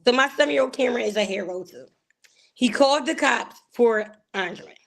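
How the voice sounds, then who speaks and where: A woman, a guest telling an emotional personal story in an animated way, acting out the voices she quotes. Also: on the high side, moderate pace.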